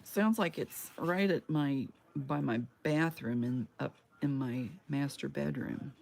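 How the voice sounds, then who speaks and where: A woman's voice: extremely low pitch, slow pace, creaky, darkish tone. A chatty woman crafting on a stream. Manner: chatty, talks to herself while working. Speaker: crafting livestreamer. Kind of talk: casual crafting chat to viewers. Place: her home loft.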